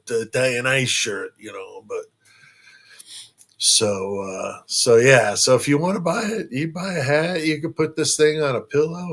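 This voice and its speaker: A man's voice: fairly low pitch, vocal fry. A man hosting a casual true crime live stream from home. He rambles and jokes, with lots of fillers and restarts.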